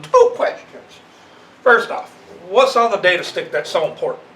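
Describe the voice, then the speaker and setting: A man's voice: high-pitched, lively intonation, moderate pace, sharp tone, far from the mic. A man playing a tabletop game who stammers and asks pointed questions. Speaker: player. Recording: echoey room with faint noise.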